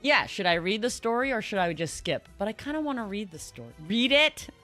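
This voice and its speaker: This woman's voice sits at medium pitch with a sing-song lilt, moving a little fast with a sharp tone over faint background music. Streaming a game, she reads the story out loud and chats casually with viewers, frequently laughing and stumbling on tricky game terms.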